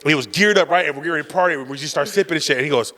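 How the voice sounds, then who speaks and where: A fast-talking man with a high voice tells a story on a podcast and throws himself into the voices of the people he quotes. The sound carries a long, roomy reverb. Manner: animated, acts out the people he quotes with loud jumps in voice. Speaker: podcast co-host. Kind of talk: casual storytelling chat.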